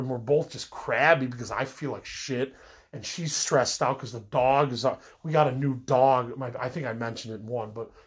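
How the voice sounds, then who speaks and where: A man's voice: mid-range voice, husky. A middle-aged man with a cold, rambling and venting his frustrations in a casual personal monologue, full of fillers and restarts. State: sick with a cold. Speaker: podcast host.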